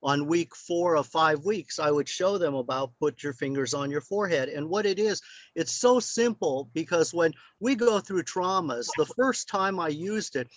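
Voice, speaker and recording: A man's voice: on the high side, normal speed, dry recording, lo-fi sound. Older male guest speaker, meandering anecdotal delivery, dry and close. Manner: rambling, anecdotal, with many fillers. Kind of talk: storytelling.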